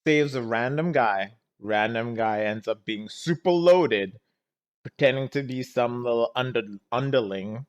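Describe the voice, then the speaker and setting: An exasperated man ranting through a movie. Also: medium pitch. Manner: exasperated, rambling, quick to groan and laugh; keeps restarting and saying "anyways, let's keep going". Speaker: movie reaction vlogger. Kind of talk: casual movie reaction commentary.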